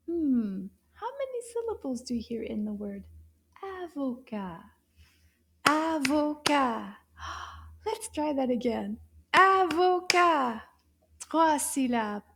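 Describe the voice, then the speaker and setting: High-pitched lady teaching little kids, sing-songy and encouraging, says everything slow and stretched out. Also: very animated, dark tone, slight background noise. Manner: sing-song, encouraging, drawn-out syllables. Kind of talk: slow, clear children's lesson with repetition.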